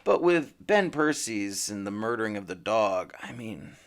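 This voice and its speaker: A man's voice: lowish voice, sing-song, unhurried. A man hosting a casual comic book podcast, rambling and emphatic, with frequent restarts. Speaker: podcast host.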